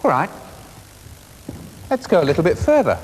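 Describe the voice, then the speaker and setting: A man leads a class of young children through percussion games, brisk and encouraging. His voice swings up and down a lot. It is heard on an old 1980s schools TV recording, with a long hall reverb and faint background hiss. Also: fairly high pitch, wildly swooping pitch. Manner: encouraging, brisk teacher questions. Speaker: music presenter teaching a primary class. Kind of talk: classroom music lesson for schools TV.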